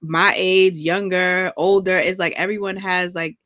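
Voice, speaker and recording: A woman hosting a casual conversation, relaxed, asking questions and quoting people. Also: fairly low pitch, unhurried, dry recording, clean studio sound. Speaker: host.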